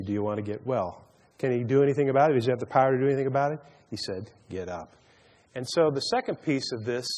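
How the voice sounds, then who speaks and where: A man's voice: mid-range voice, a little mellow. Man preaching in a reverberant hall. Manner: stammering repeats, storytelling with a joke. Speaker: Bible study teacher. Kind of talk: sermon.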